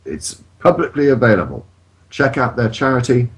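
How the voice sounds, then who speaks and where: A man's voice: medium pitch, big pitch swings, normal speed. A man on a podcast, talking in an indignant, emphatic way and swearing freely. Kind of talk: casual chat.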